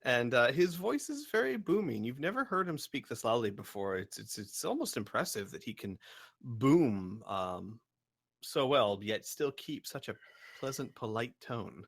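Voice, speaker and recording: A man narrating as game master, halting with many fillers. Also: mid-range voice, very animated, gravelly, slightly rough.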